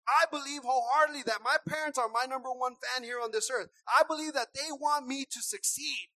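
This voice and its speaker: In a rough recording with no echo, a high-pitched woman preaches with passion. She repeats her words often, dropping into soft asides and then rising to shouts.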